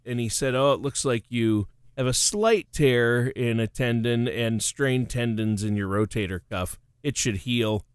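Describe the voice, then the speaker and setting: A man's voice: mid-range voice, smooth, no room sound, studio quality. A middle-aged man co-hosting a finance talk show, telling stories in a chatty way and laughing often. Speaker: radio show co-host. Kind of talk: casual chat.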